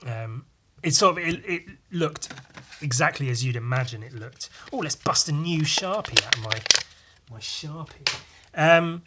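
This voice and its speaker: A man's voice: on the high side, lively intonation, unhurried, background noise. A young man hosting a solo podcast, telling a meandering story full of swearing, wry asides and frequent fillers. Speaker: podcast host.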